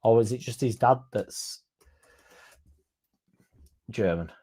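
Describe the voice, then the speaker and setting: A man's voice: medium pitch, takes it slowly, mellow. A man hosting a football fan channel, chatting casually in a rambling, sweary, self-mocking way.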